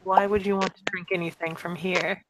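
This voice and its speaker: A woman's voice: on the low side, little pitch movement, brisk, very noisy, lightly acted. A woman playing a poised, suited woman who answers in a prim, falsely innocent way.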